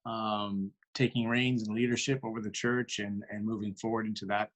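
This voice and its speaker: A man's voice: on the low side, level tone, normal speed, low-quality recording. A man, a pastor and guest, speaking earnestly in a casual interview.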